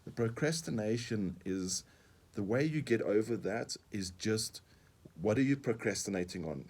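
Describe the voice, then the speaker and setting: A man's voice: fairly low pitch, lively intonation, normal speed, a little mellow, breathy edge. A middle-aged man with a South African accent, speaking earnestly as a coaching guest on a radio talk show, often repeating words as he explains. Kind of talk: radio interview.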